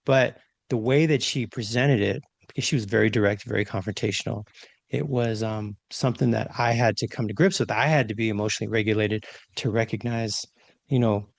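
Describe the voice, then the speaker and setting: A man co-hosting a podcast, talking through leadership ideas in a reflective, animated way and often checking in with "right?". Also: lowish voice, fairly quick, creaky, no echo. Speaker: podcast co-host, leadership trainer. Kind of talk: casual conversational podcast talk.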